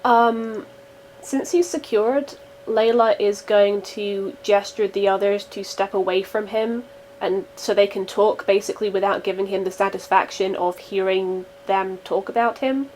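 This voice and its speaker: A woman's voice: mid-range voice, steady tone, measured pace, a little mellow, a little hiss or hum. A woman playing a tabletop role-playing game, chatting casually and hesitantly as she describes her character's actions.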